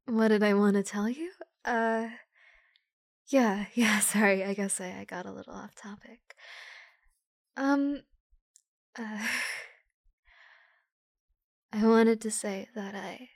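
A woman voicing a shy young woman who nervously confesses her love to a close friend, in a soft, halting whispered role-play with giggles. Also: medium pitch, gravelly, no room sound. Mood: bashful.

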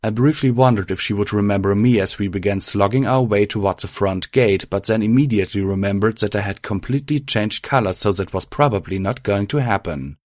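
A man reading a first-person fan fiction story aloud, steady and even. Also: fairly low pitch, fairly quick, few pauses, dry recording, clean studio sound. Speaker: narrator.

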